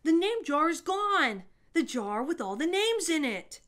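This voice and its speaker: A woman voicing a loud, excitable young schoolboy who shouts in a storybook reading. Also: mid-range voice, slow. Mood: excited.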